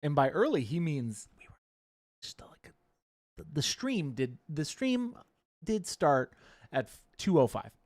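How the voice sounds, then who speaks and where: A man's voice: a little high, sing-song, unhurried, long pauses, darkish tone. A man co-hosting a casual livestream and reading viewer chat aloud, playful and jokey with goofy asides.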